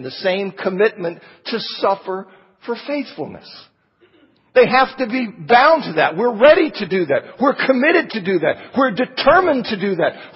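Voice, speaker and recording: Husky high-voiced man preaching in a hall. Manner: emphatic, rhetorical questions. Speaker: Bible class teacher. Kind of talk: sermon-style Bible lesson. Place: church auditorium. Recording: long hall reverb, dull lo-fi sound.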